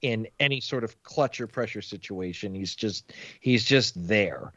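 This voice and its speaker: A man's voice: fairly low pitch, a little slow, sharp tone, dry recording. A blunt, profane man talking sports on a casual podcast, exasperated. His audio is dull and lo-fi, with a dry, close sound. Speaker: podcast co-host. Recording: dull lo-fi recording.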